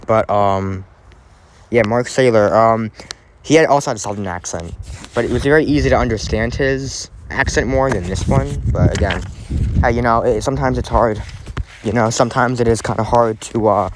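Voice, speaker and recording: A man's voice: medium pitch, moderate pace, noisy background. A man hosting a casual true crime podcast, talking in a rambling way with lots of fillers and restarts.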